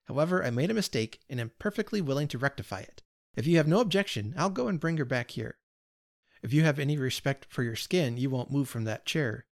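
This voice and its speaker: A man reading aloud, voicing a dry, stubborn gentleman homeowner who answers curtly and sardonically. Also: medium pitch, lively intonation, fairly quick, dry recording, close to an everyday voice.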